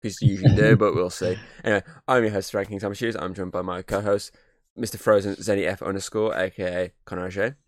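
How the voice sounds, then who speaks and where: A man's voice: low voice, level tone, fast talker, hardly any pauses, no room sound. A man hosting a casual podcast over a video call, rambling, swearing and laughing as he talks. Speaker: podcast host.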